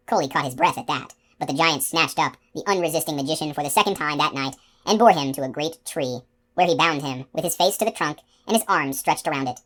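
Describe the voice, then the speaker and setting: Woman narrator, low voice, steady expressive reading, fantasy audiobook. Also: a little fast. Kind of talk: scripted narration.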